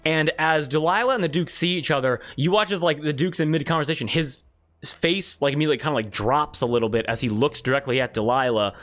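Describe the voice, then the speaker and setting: A man's voice: on the high side, fast, a bit bright. A man running a tabletop role-playing game as game master, narrating scenes in a chatty way full of fillers. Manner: chatty, many fillers, voices characters in quotes.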